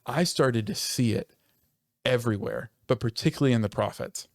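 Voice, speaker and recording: A man's voice: mid-range voice, vocal fry, no echo, studio quality. A man, a pastor, talking earnestly and passionately in a conversational church podcast, often restarting his sentences. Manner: earnest and passionate, quickening when stirred, with self-interrupting restarts.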